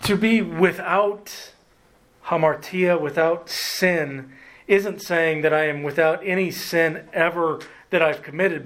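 A man preaching a sermon as pastor, earnest, slowing down and lifting his voice to stress key words. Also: a little high, a bit bright, low-quality recording. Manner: earnest preaching, slows and rises for emphasis, occasional restarts.

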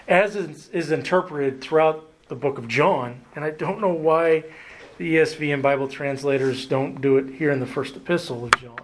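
A man preaching a sermon as pastor, earnest, slowing down and lifting his voice to stress key words. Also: fairly high pitch, slight background noise, rough recording. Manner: earnest preaching, slows and rises for emphasis, occasional restarts.

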